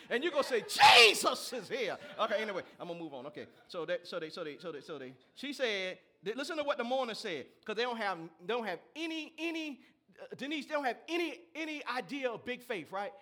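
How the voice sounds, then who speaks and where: A male pastor a sermon, reading scripture and breaking into lively asides to the congregation. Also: extremely high pitch. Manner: animated preaching with asides to the congregation.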